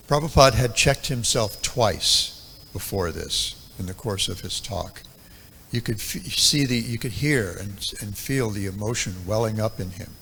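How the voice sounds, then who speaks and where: A low-voiced man in his seventies gives a devotional lecture, recalling old memories in an unhurried, reflective way. His voice has a gravelly texture, and his talk is full of ums and uhs. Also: a bit bright, slight background noise. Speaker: temple speaker.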